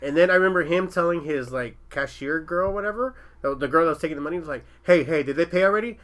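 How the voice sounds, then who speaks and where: A young man tells a rowdy story at a rapid clip, his voice bright and forward and a touch higher than most men's. He laughs through it, swears freely and acts out what everyone said. It is relaxed, casual chat among friends. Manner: laughing, profane storyteller who acts out quotes.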